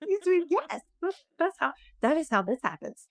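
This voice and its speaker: A woman's voice: very high-pitched, very animated, moderate pace, dry recording. Earnest woman coach chatting reflectively. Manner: earnest, reflective, quotes herself often. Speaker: guest coach. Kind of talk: casual podcast conversation.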